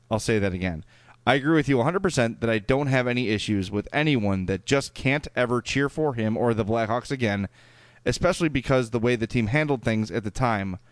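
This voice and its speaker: A man with a thick Chicago accent co-hosts a casual podcast, reading listener emails aloud and stopping for uhs and ums along the way. His voice is smooth and resonant, sitting at a middling pitch. The recording is close and dry. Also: dry recording. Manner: reads listener emails aloud, hedging with fillers. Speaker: podcast co-host.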